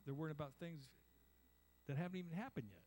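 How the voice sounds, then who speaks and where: A man's voice: on the high side, fast talker, a little mellow. Older male pastor, conversational sermon. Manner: conversational, acts out voices, asks the congregation "amen?".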